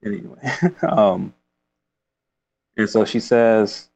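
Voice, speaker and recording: Gravelly low man chatting about a book. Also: slow, darkish tone. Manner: rambling, with frequent fillers and laughs. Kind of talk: casual book discussion, reading passages aloud.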